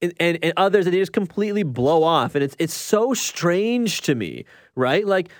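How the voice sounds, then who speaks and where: A man's voice: high voice, sing-song, moderate pace, no room sound, studio quality. Chatty rambling male film reviewer. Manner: rambling, restarts a lot, chatty. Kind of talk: casual movie review.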